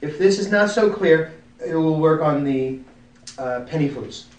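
A man's voice: a little high, expressive, unhurried, slight background noise. Genial man speaking from across a room. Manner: genial, self-deprecating humor. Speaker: musician giving a demonstration. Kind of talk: informal group talk with demonstration. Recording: roomy, from a distance.

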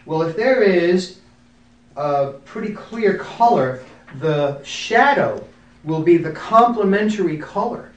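A man with a fairly high voice talks a group through a demonstration, genial and quick with a self-deprecating joke. He sounds a little distant from the mic, in a room with noticeable echo. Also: lively intonation, lo-fi sound. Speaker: musician giving a demonstration. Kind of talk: informal group talk with demonstration. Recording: roomy, from a distance.

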